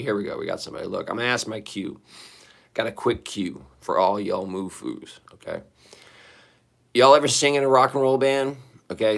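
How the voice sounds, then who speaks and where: Hoarse, shaky-voiced man rambling to chat. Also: fairly low pitch. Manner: rambling, profane, talking to chat. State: hoarse, shaky voice after singing. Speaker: livestreamer. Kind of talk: casual live-stream chat. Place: sitting in a bathroom.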